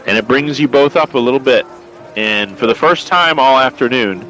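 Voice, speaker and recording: A man narrating as game master of a tabletop game, talking in a halting way with many fillers and restarts. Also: mid-range voice, fairly bright tone, faint music behind, low-quality recording.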